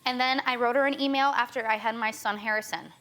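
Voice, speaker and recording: This young adult woman speaks quickly with a slightly high, steady, sharp-edged voice. As a talk show guest, she delivers a tearful, urgent personal account full of stumbles and restarts.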